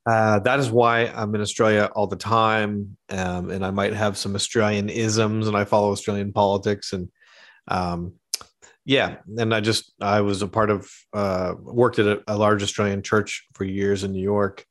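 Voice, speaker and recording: Man, from Canada, low voice, pastor guest, hesitant, many ums, video call. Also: level tone, normal speed. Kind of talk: conversational interview.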